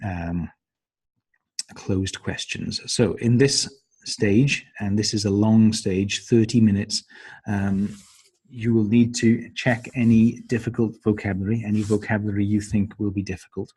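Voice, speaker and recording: A low-pitched, husky male voice takes listeners through the stages of a lesson plan. He speaks slowly and deliberately, and he often fills his pauses with ums and uhs. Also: fairly even intonation, darkish tone. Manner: hesitant, many ums and uhs. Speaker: teacher trainer. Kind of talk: instructional walkthrough of a lesson plan.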